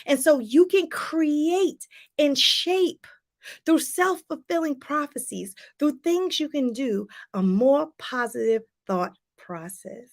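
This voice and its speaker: High-voiced emphatic woman life coach. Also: takes it slowly. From Washington, D.C. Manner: emphatic, repeats phrases, talks straight to viewers. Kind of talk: motivational vlog talk.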